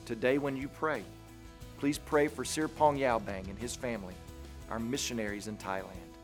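A man preaching a sermon in an earnest, deliberate way, pausing for emphasis. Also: medium pitch, faint music behind.

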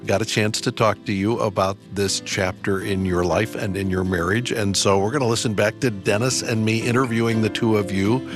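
A man hosting a radio interview, steady and measured as he asks questions and points listeners to more resources. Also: on the low side, over music. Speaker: radio host.

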